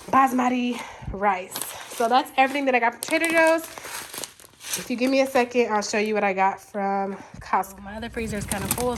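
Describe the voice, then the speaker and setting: A woman's voice: medium pitch, noisy background. Chatty stuffy-nosed woman vlogger. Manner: chatty, addresses viewers as y'all. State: stuffy, sniffling. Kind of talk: casual haul vlog.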